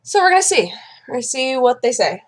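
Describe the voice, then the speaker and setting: A woman's voice: high-pitched, sing-song, fast. Chatty young woman vlogging casually. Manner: chatty storyteller who acts out the people she describes. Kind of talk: casual chat.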